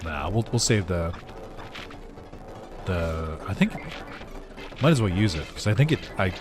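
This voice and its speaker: A man's voice: low-pitched, sing-song, a little slow, music in the background. A man doing casual let's-play commentary for his gaming channel, rambling with lots of fillers and chuckles. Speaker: gaming YouTuber.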